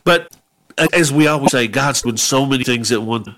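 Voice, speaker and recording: A man's voice: mid-range voice, moderate pace, a bit bright. A man, hosting a faith talk show and encouraging listeners in a preachy, exhorting way. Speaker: host.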